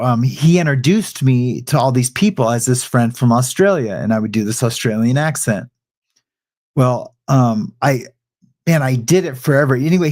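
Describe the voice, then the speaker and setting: A man's voice: medium pitch, a little mellow. A middle-aged man hosting a livestream, chatting loosely with his audience and drifting into a rambling story. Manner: rambling storyteller, frequent restarts and asides. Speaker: livestream host. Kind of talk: casual chat with a live audience.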